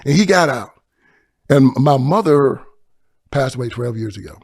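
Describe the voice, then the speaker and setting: A man from Tennessee, talking in a preaching style, moving from loud emphasis to hushed storytelling. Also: mid-range voice, animated, normal speed, vocal fry, slightly rough. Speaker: guest.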